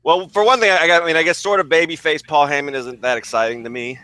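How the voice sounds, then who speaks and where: A man's voice: fairly high pitch, steady tone, fast talker, sharp tone, dry recording. A man co-hosting a casual wrestling review podcast, wry and easygoing. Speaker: podcast co-host.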